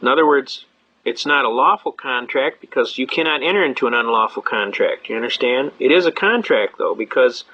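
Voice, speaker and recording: An older man gives a folksy storytelling lecture at a constitutional rights seminar, conversational, emphatic, and repeating himself. His medium-pitched voice is brisk and bright, with lively intonation and a forceful tone, though the audio's highs are cut off.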